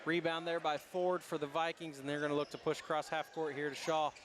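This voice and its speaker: A man's voice: fairly high pitch, level tone, background noise. Man calling basketball in a busy gym. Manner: rapid running calls of each pass. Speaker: play-by-play announcer. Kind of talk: live basketball play-by-play. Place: high school gymnasium. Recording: gym ambience and bouncing balls.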